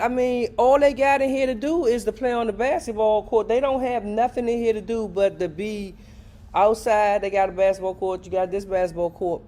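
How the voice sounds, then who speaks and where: Older man, high-pitched, impassioned resident testimony at a public hearing. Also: a little mellow. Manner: impassioned, repetitive, pleading. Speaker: resident giving public comment.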